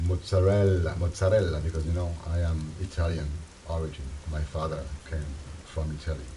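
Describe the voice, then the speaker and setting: A man from Europe chatting casually, halting and repeating his words in non-native phrasing, with faint rain behind him. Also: very deep voice, flat delivery, mellow, a little hiss or hum. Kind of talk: casual one-sided chat.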